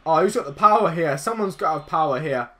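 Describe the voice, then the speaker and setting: A young man giving excitable, swearing commentary over his own football video game match, teasing his opponent. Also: a little high, quick pace. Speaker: gaming YouTuber. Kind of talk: live gameplay commentary.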